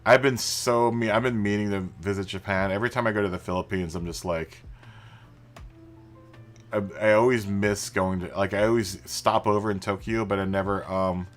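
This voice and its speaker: A man's voice: lowish voice, fairly even intonation, moderate pace, faint music behind. A man hosting a racing game live stream, chatting casually with viewers, greeting them by name and laughing often. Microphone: studio microphone through a mixer.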